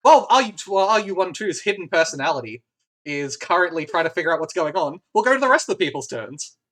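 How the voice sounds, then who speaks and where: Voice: mid-range voice, big pitch swings, quick pace, a bit bright. A game master running a tabletop game, rambling with many restarts and laughter.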